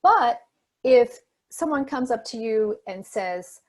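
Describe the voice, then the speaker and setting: A woman speaking as guest speaker in a motivational talk to a youth forum over a video call, energetic and emphatic, repeating her key points. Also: on the high side, slow, rough recording.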